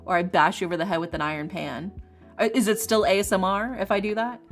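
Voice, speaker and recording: A woman streamer and ASMR creator chatting casually with her viewers, animated and opinionated, laughing often. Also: medium pitch, fast. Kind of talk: casual chat on a livestream. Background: faint lofi music.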